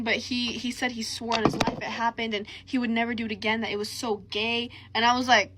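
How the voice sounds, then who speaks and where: A woman's voice: fairly high pitch, brisk, noisy background. A young woman telling a messy personal story in a casual, slangy vlog style, full of fillers and quoted dialogue. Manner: animated, slangy, lots of fillers.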